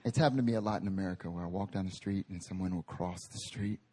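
A man preaching a sermon at a prayer meeting, animated and conversational, with humorous tangents. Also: low voice, fast, husky. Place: meeting hall.

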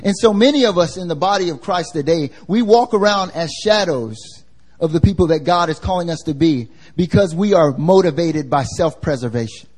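Brief: male preacher, somewhat high voice with a mellow tone, conversational sermon, quizzes the listeners. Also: expressive, normal speed. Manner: casual and slangy, asks the congregation questions. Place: church service.

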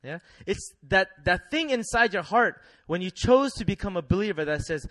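A young man preaching a sermon in a lively, laughing way, leading the congregation in call-and-response. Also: high-pitched, normal speed, few pauses, dry recording.

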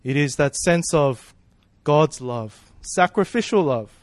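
A man's voice: fairly high pitch, animated, slow, no room sound. A man preaching a sermon in a casual, conversational way, asking rhetorical questions and checking in with "right?" and "you know".

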